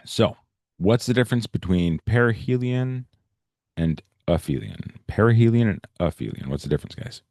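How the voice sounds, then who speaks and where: A man's voice: on the low side, lively intonation, normal speed, gravelly, a little mellow, no room sound, studio quality. A male teacher giving a casual, explanatory science lecture on a video call, often checking in with "right?" and "okay?". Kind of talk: online class lecture.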